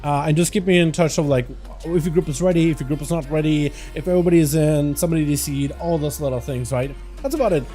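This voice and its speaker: A man born in Russia, a native Russian speaker, chatting loosely with his livestream audience as its host, full of fillers and quick to laugh. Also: on the high side, warm tone, faint music behind. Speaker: game streamer. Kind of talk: casual livestream chat.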